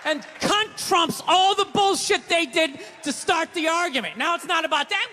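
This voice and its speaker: A man doing stand-up comedy, swearing freely and building up to shouted punchlines. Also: extremely high pitch, animated, normal speed. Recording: live hall with crowd noise.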